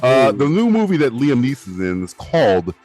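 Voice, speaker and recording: A man's voice: mid-range voice, brisk, over music. A man hosting a comedy podcast, chatting casually and laughing often. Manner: laughing often, lively, drops into gravelly impressions. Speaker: podcast host.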